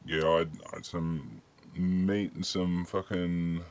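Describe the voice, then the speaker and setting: A man's voice: deep voice, little pitch movement, takes it slowly. A man from Australia hosting a casual chat, easygoing and swearing freely. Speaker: host.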